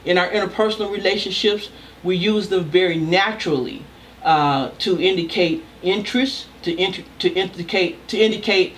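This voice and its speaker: An older woman, a communication professor, giving a recorded lecture in a loud, emphatic, deliberate way. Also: lowish voice, a little hiss or hum.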